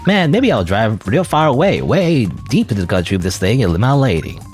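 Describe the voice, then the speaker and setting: A man's voice: medium pitch, sing-song, brisk, a little mellow, soft background music. A man voicing a boastful banker in a cowboy costume, drawling in a folksy way.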